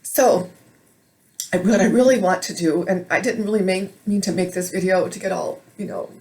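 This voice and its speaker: A woman's voice: fairly low pitch, moderate pace, a little mellow. Earnest, emotional woman vlogger. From Minnesota, United States. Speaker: video blogger. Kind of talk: emotional monologue to camera.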